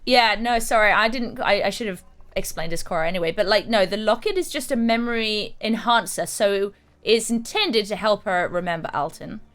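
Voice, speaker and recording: A woman's voice: medium pitch, normal speed, hardly any pauses, fairly bright tone. A woman in a tabletop game explaining lore, correcting herself and apologizing. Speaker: player.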